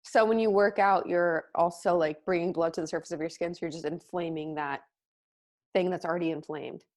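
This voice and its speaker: A woman's voice: lowish voice, fairly even intonation, a little fast, a little mellow. Chatty young woman talking while eating. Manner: chatty, lots of "like", talks while chewing. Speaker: mukbang co-host. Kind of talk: casual chat while eating.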